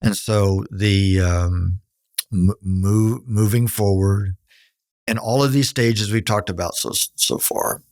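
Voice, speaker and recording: A man's voice: steady tone, slow pace, a little mellow, dry recording, studio quality. A middle-aged man co-hosting a podcast, giving earnest, coaching advice on grief in a conversational way. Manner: earnest, coaching, quotes people in a higher voice. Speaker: podcast co-host, counselor.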